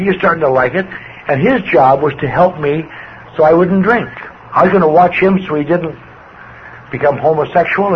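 An older man giving a plainspoken personal testimony to a recovery group, his voice swinging with emotion as he tells his story. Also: on the high side. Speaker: recovery speaker. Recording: dull lo-fi recording with faint hiss.

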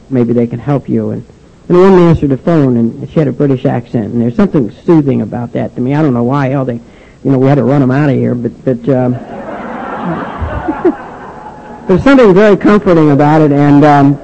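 An older man with a gravelly, creaky voice tells his own story in a personal testimony speech. He speaks haltingly and restarts often. The recording sounds dull and lo-fi. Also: medium pitch, dark tone.

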